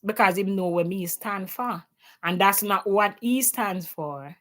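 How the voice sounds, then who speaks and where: At a measured pace and medium pitch, a Jamaican woman hosts a casual opinion livestream from her Canadian home. She combines patois with her English and speaks with plenty of emphasis.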